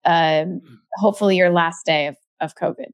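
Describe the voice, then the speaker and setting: A woman co-hosting a casual podcast, giggly and quick with exclamations. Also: fairly low pitch, fairly even intonation, dry recording. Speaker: podcast co-host. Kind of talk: casual chat.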